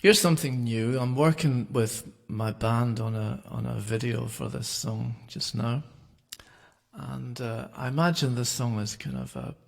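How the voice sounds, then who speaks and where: A man's voice: mid-range voice, unhurried, vocal fry. A man, a singer-songwriter, chatting loosely between songs on a home livestream, rambling with plenty of fillers. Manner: relaxed, rambling, with many fillers. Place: home, streaming live.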